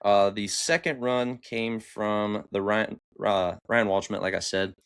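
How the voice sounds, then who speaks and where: A man with a lowish voice runs through a baseball game for his podcast, excited and animated as he retells each play. He talks casually, jumping from point to point. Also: measured pace, clean tone. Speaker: podcast host. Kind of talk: casual sports recap. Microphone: camera on upper body, desk mic.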